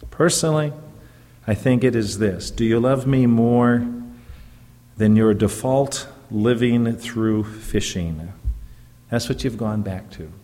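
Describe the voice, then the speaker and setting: Man, pastor, sermon, slow deliberate delivery, medium pitch, echoing sanctuary. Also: mellow. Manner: slow, deliberate preaching with emphatic rises. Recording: long reverb of a church hall.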